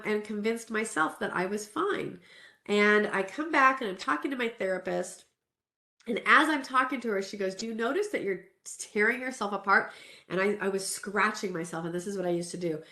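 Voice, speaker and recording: A woman's voice: mid-range voice, a bit bright. Earnest woman speaker in a roomy space. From Southern California. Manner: candid, earnest, conversational with restarts. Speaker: self-care speaker. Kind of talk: personal story in a wellness talk. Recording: roomy echo.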